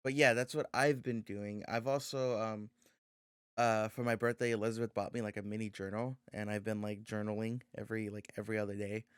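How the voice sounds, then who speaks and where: A man's voice: on the low side, flat delivery, brisk, clear, resonant tone, no room sound, clean studio sound. A young man co-hosting a podcast in casual chat, rambling and restarting his words with plenty of fillers. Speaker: podcast co-host.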